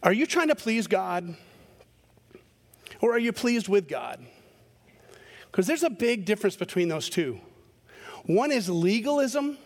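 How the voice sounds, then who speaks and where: A man's voice: sits high, measured pace, long pauses. A male pastor giving a sermon in a conversational way, telling stories with animation. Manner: conversational preaching with animated storytelling.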